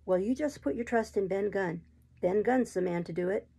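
A woman voicing a wild, marooned old male sailor in an audiobook reading, talking in rough sailor's dialect, eager and sly. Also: mid-range voice, moderate pace, warm tone.

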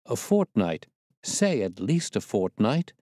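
A man doing a hoarse, desperate old butler. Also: fairly low pitch, big pitch swings, takes it slowly, dark tone, no echo, studio quality, full character voice. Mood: despairing. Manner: desperate, begging. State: hoarse with emotion. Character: shaken middle-aged male butler, proud and pleading.

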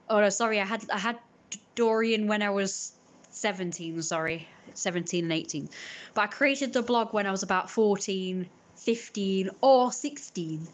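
A woman's voice: mid-range voice, slight background noise. Chatty woman rambling on stream. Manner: rambling, chatty, restarts and corrects herself. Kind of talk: casual chat.

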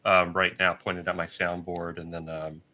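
A man talking as a podcast guest, quick and offhand as he rambles. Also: low-pitched, little pitch movement, sharp tone. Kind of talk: casual podcast chat.

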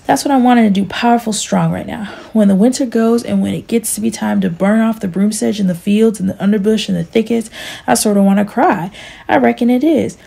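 A woman's voice: mid-range voice, brisk, vocal fry, dark tone, husky. A woman voicing an aging, self-pitying male farmer who pleads and complains in a storybook reading. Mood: complaining.

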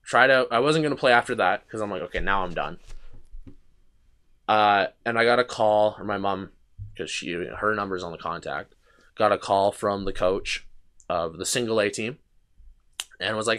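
A man's voice: fairly low pitch, normal speed, pauses often, bright, forceful tone. A young man hosting a podcast, telling a long casual story with restarts, fillers and swearing. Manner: rambling anecdotes with frequent restarts and swearing. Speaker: podcast host.

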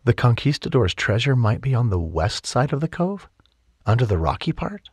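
An emotional young woman in a romance audiobook, put on by a male narrator. The voice is lifted higher and turns soft and breathy at tender moments, with a husky edge and dry, close recording. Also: big pitch swings, moderate pace, no room sound. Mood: curious.

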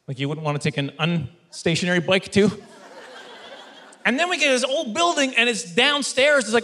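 A man doing stand-up in front of a studio audience, his voice high and bright. He tells the story with animated energy and slips into quick mock voices for others. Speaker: stand-up comedian. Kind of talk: stand-up comedy routine. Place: stage before a live studio audience.

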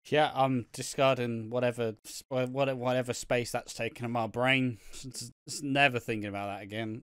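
A man grumbling his way through a casual podcast chat, blunt and full of swearing. His voice sits at an ordinary pitch, and the recording is close and dry with no room sound. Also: fairly even intonation, normal speed, smooth, dry recording. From Britain. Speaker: podcast co-host.

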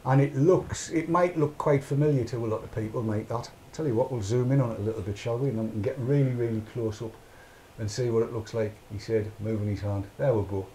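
Man, middle-aged, chatty podcast host, rambling, mid-pitched voice. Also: quick pace, mellow, a little hiss or hum. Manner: rambling, chatty, narrates his own actions aloud. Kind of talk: casual chat.

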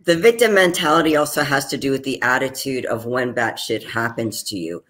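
A man working as a therapist who asks calm, probing questions in conversation. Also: mid-range voice, brisk. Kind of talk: counseling conversation.

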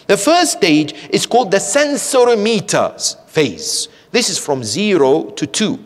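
A man giving a religious lecture at a community centre, telling stories in an animated, rhetorical way and checking in with his listeners. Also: on the high side. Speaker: sheikh lecturing a congregation. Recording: echoey hall.

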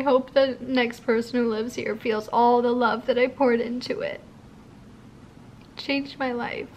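Young woman, 20s, casual apartment-tour vlogger, slightly high voice, crying and emotional. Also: little pitch movement, unhurried, darkish tone, slight background noise. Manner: emotional, tearful and grateful. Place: apartment, indoors.

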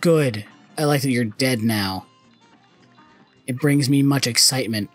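A man's voice: mid-range voice, measured pace, faint music behind. A young man commenting on his own gameplay, frustrated and cursing often. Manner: frustrated, swearing, muttering.

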